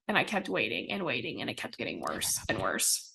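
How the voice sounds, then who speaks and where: A woman's voice: rumbling low, big pitch swings, brisk, vocal fry, pushed and bright, a little hiss or hum. A young woman from the American Midwest, a podcast guest talking casually with lots of fillers and little laughs. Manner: chatty, many fillers and laughs. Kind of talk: casual interview chat.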